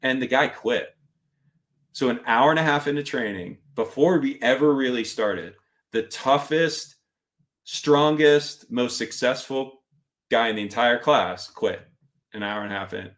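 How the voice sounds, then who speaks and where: A middle-aged man telling a story in casual interview talk. His voice sits at an ordinary pitch for a man, and he slips into the quoted lines of other people with plenty of energy. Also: measured pace. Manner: animated, acts out instructors' lines in quotes. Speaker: podcast guest.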